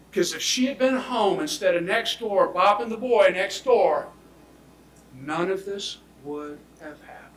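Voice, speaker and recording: A man delivers a prosecutor's closing argument, speaking emphatically and swinging between loud declarations and hushed near-whispers. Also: high-pitched, normal speed, slight background noise. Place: courtroom. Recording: echoey courtroom audio from far off.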